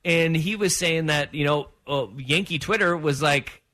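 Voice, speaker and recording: A man hosting a sports talk radio show, chatting in an animated way and acting out his own reactions. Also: fairly high pitch, a little slow.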